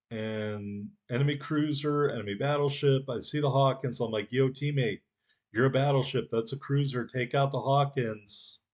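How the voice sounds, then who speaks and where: A man commentating over his own naval video game footage from home, excitable, joking and playing up mock anger at his teammates. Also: mid-range voice. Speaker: gameplay commentator.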